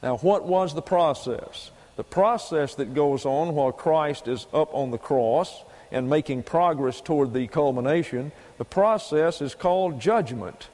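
A man's voice: fairly high pitch, unhurried, hardly any pauses, a little mellow. A man preaching a doctrinal sermon, explaining Greek grammar point by point and repeating key phrases for emphasis. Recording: long hall reverb.

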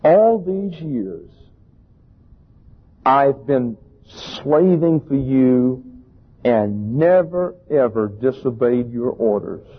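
A man voicing a self-righteous, whining elder brother in a slow, drawn-out tone. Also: mid-range voice, expressive, slightly rough, exaggerated voice. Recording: tinny phone-like recording.

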